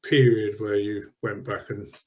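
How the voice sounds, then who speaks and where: A man's voice: fairly low pitch, flat delivery, a little slow, muffled recording, a little hiss or hum. Friendly man interviewing. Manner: friendly, encouraging, laughs easily. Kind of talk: conversational interview.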